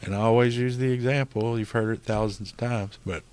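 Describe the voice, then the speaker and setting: A man's voice: mid-range voice, steady tone, brisk, a little mellow. A middle-aged man co-hosting a podcast, talking earnestly and casually about faith and recovery, with frequent "you know"s. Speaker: podcast co-host. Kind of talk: casual spiritual recovery talk.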